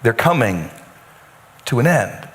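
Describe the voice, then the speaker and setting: A pastor preaching a sermon, telling a story with dramatic pauses and acting out quoted lines. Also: male voice, medium pitch, big pitch swings, fairly bright tone. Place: church sanctuary. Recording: church hall with long reverb.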